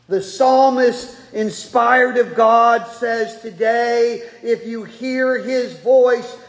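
A man preaching a sermon as pastor in a church, with folksy joking asides to the congregation. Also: very high-pitched. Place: church sanctuary. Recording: echoey hall.

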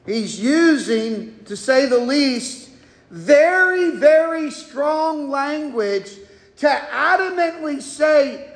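A man preaches at an unhurried, slow pace, folksy and conversational with humorous asides. His voice rings through a large church sanctuary with a long, echoing reverb. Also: extremely high pitch, expressive. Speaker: pastor. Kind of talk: expository sermon. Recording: echoey hall with long reverb.

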